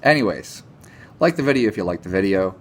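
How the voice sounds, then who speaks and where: A man's voice: fairly low pitch, lively intonation, a little fast, slight background noise. A man ranting casually to camera about nutrition, sarcastic and exasperated, and he swears now and then. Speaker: nutrition vlogger.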